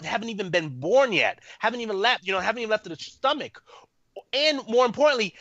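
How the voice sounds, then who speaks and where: A man in his thirties, a guest on an interview podcast, telling a story in a rambling, animated way with lots of fillers. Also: high voice, no room sound. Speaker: podcast guest, army veteran. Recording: muffled lo-fi, dry room.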